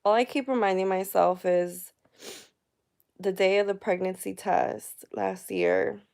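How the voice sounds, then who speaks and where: A woman in her thirties talks openly to her followers in a personal vlog at home, emotional and chatty. Her voice has a gravelly fry, yet the words come out smooth and clear. She speaks slowly, taking her time. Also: lowish voice, a little mellow. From United States. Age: 30s. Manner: candid, emotional, chatty with many fillers. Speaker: vlogger. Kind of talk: personal vlog talking to viewers.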